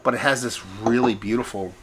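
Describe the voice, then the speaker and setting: A man's voice: medium pitch, fairly quick, background noise. A man hosting his own beer review vlog at home, chatty and rambling, poking fun at himself. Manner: chatty, rambling, self-mocking, animated. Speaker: beer reviewer, show host. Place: at home, indoors.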